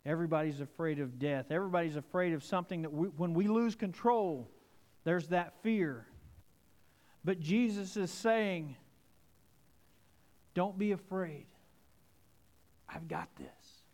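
A pastor delivers a sermon in a somewhat high voice. He moves between hushed, intimate passages and rising, emphatic ones. His voice rings out with a long reverb, as in a large hall. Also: unhurried, pauses often. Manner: dramatic, swings between soft and emphatic.

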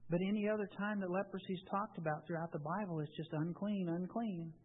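A man's voice: sits high, quick pace. A man preaching a sermon in a conversational way, often restarting his phrases. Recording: tinny, phone-like with long reverb.

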